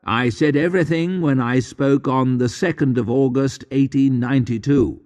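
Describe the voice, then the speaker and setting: A man's voice: mid-range voice, fairly even intonation, normal speed, darkish tone, in a large hall, pitched above the performer's own voice, lightly acted. A man doing a curt government spokesman. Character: stiff official male government spokesman.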